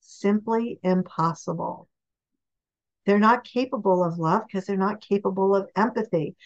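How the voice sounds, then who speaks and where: A woman who is an author and relationship expert guests on a podcast, telling stories in an emphatic, animated way. Her voice is medium-pitched and a little fast, and the sound is lo-fi.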